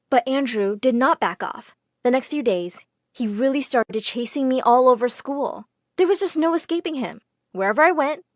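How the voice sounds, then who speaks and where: A woman narrating a first-person storytime in an expressive, dramatic way. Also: on the high side, moderate pace, no room sound, clean studio sound.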